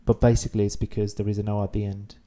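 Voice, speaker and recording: Dark-voiced man teaching a language lesson. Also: fairly low pitch, little pitch movement. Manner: explanatory, repeats key words slowly. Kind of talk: online beginner language lesson.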